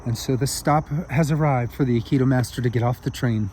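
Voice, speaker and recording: A man's voice: medium pitch, a little fast, a little mellow, a little hiss or hum. A man telling a spiritual story outdoors in an earnest, heartfelt way.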